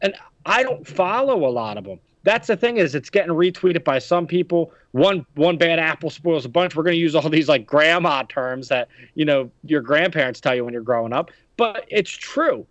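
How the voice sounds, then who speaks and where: A man's voice: a little high, expressive, normal speed, hardly any pauses, no echo. A man hosting a podcast, ranting indignantly and firing off rhetorical questions. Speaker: podcast host. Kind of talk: heated podcast discussion. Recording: dry, dull lo-fi sound.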